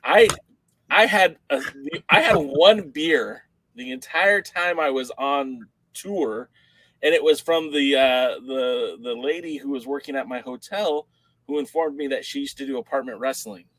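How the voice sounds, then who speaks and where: A man co-hosting a podcast in casual chat, an animated storyteller who acts out the voices of the people in his stories. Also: mid-range voice, measured pace, dry recording, low-quality recording. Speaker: podcast co-host.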